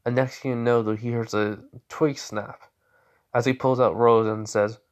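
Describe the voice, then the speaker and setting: A man's voice: medium pitch, little pitch movement, normal speed. A man improvising a fan story aloud, rambling with many restarts.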